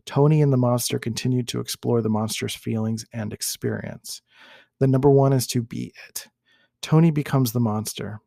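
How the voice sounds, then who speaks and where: A male podcast host reads a case study aloud at a measured pace, now and then correcting himself mid-word. His voice carries a gravelly edge, recorded close and dry. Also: medium pitch, fairly even intonation, dark tone, no room sound. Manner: measured, with small self-corrections.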